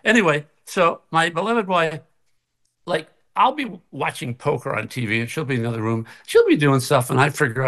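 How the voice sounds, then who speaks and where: An older man, a guest on a video call from his kitchen, telling an animated story and acting out both sides of the conversation. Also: a little high, moderate pace. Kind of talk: casual storytelling. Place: kitchen at home.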